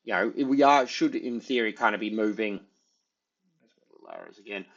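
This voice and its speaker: A man's voice: fairly low pitch, moderate pace, muffled recording. A man giving casual, rambling market commentary, thinking aloud with many fillers as he talks through charts. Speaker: market analyst.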